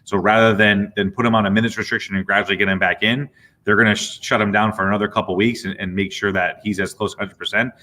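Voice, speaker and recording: A middle-aged man, a physical therapist, casually explaining athletes' injuries with relaxed, playful asides. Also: fairly low pitch, quick pace. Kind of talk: casual sports injury chat.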